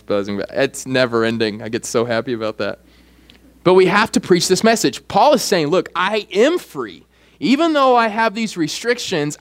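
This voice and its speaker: A young man preaching a sermon as pastor, animated and joking, acting out quoted voices. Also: a little high. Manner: animated preaching, acts out voices, jokey asides.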